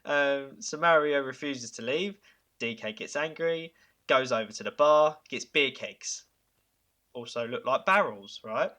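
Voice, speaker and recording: Bright-voiced man pitching eagerly. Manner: enthusiastic, chuckling, halting fillers. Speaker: podcast host. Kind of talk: casual pitch chat.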